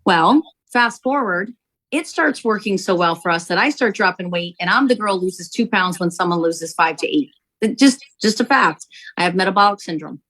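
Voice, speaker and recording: A woman, a company founder, telling an animated testimonial story to sell her product, acting out quotes as she goes. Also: mid-range voice, normal speed, rough recording. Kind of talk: testimonial sales pitch.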